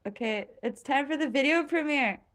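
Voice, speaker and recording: A woman's voice: sits high, moderate pace, fairly bright tone. A young woman streaming live, chatting casually with viewers. She rambles, laughs at herself often and stops to thank people for gifts. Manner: giggly, self-mocking, rambling.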